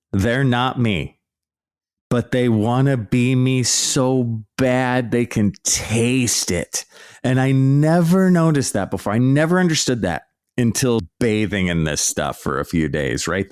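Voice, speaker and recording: A man hosting a podcast as an archaeology professor, ranting in a sarcastic, mocking, animated way. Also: lowish voice, no room sound, studio quality. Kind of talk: casual ranting commentary.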